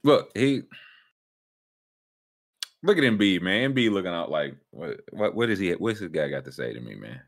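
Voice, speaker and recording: A low-pitched man hosting a laid-back sports talk show. His voice swings widely up and down as he riffs, with loose, animated delivery and playful mock voices. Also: normal speed, long pauses. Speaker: podcast host. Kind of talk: casual sports chat.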